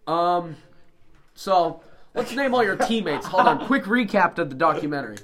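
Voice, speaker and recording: A man's voice: sits high, expressive, moderate pace, crowd noise. A young man co-hosting a casual podcast, introducing the others with jokes. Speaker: podcast co-host. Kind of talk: casual chat.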